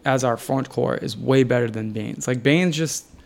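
A young man co-hosting a podcast in casual sports chat, relaxed and saying dude a lot. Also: mid-range voice, moderate pace, creaky. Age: young adult. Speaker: podcast co-host.

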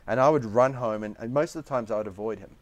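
A man guesting as a film director, telling a candid personal story in a halting way and often repeating words as he restarts. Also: mid-range voice, no room sound.

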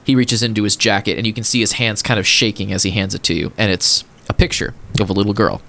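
A man's voice: on the low side, steady tone, quick pace, pushed and bright. A man running a tabletop game as game master, narrating hesitantly with many fillers.

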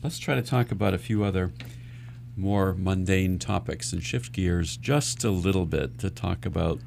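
A man's voice: low-pitched, normal speed, vocal fry, darkish tone, slight background noise. A man hosting a radio talk show as a financial advisor, explaining earnestly and often restarting his sentences.

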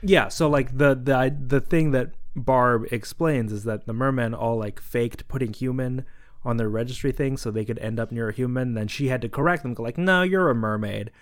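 A man co-hosting a podcast, chatting casually and haltingly about a story. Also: mid-range voice. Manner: relaxed, halting, with fillers. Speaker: podcast co-host. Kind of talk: casual chat.

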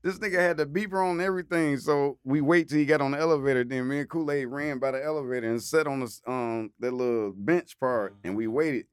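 A man's voice: medium pitch, quick pace, few pauses, clean tone, no echo, studio quality. A man casually telling road stories, acting out voices and laughing often. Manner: animated, acts out voices in anecdotes, laughs often. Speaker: storyteller guest. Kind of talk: casual storytelling chat.

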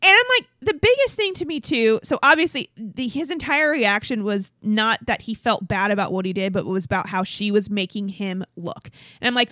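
A young woman hosting a podcast in casual chat, animated and laughing often. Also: mid-range voice, brisk, few pauses, dry recording, clean studio sound. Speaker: podcast host.

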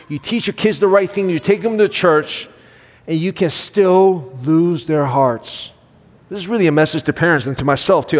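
A man in his thirties or forties preaching a sermon, earnest, shifting from loud emphasis to soft, quiet quotes. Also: on the high side. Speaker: pastor. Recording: long hall reverb.

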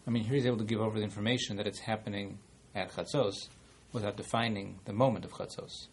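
A man who is a student in a study class, explaining his point quickly. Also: fairly low pitch, steady tone, slightly rough.

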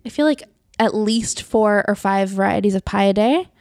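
A woman's voice: medium pitch, normal speed, a little mellow, no room sound, clean studio sound. A woman guest on a casual podcast chat who speaks easily and chuckles between phrases.

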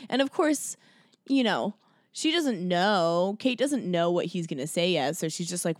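A woman's voice: normal speed, dry recording, clean studio sound. A woman co-hosting a casual chat, recapping a movie and acting out the characters' lines. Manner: animated, acts out characters' lines in a high voice. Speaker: podcast co-host.

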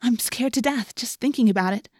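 A woman voicing a bold, fiery teenage girl who speaks forcefully and indignantly. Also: a little high, fairly quick, no echo, studio quality, pitched above the performer's own voice, natural voice.

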